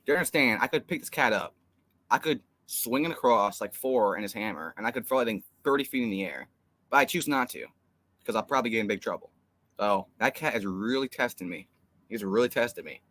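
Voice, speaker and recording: Rambling, exasperated young man, bright voice. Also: fairly low pitch, animated, brisk. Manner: rambling, exasperated storytelling with fillers. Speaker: co-host of a fan live stream. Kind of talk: casual live stream chat.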